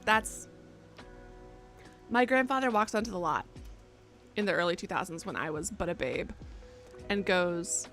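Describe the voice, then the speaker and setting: A woman in her twenties chatting casually to her live-stream audience, rambling and self-mocking, with sudden loud excited bursts. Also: on the low side, a little slow, pauses often. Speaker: game streamer. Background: faint background music.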